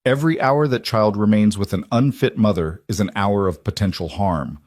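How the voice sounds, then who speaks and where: A man's voice: lowish voice, normal speed, darkish tone, close to an everyday voice. A man voicing a cold, scheming rich villain with clipped speech.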